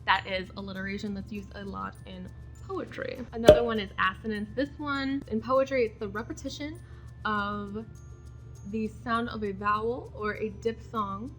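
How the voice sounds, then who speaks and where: A woman's voice: mid-range voice, fairly bright tone. A young woman hosting a casual educational video, chatting through poetic terms and reading out examples. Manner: chatty, explains terms then reads examples aloud. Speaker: poetry video host.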